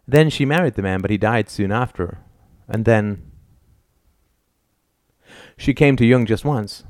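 A man's voice: on the low side, measured pace, no room sound, studio quality, close to an everyday voice. A man voicing an earnest, serious young scholar in an audiobook. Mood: grave. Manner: earnest, grave.

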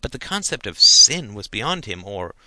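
A male narrator reading a novel in a measured, unhurried way, his low voice carrying a sharp, bright edge. The sound is close and dry, with no room around it. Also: sing-song, dry recording. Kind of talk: audiobook narration.

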